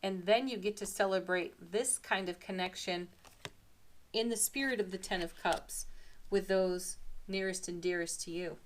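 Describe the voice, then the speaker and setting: A woman's voice: mid-range voice, fairly even intonation, a little hiss or hum. Giggly upbeat woman reading tarot. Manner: soft affirmations with drawn-out pauses. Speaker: tarot reader. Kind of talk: daily tarot card reading.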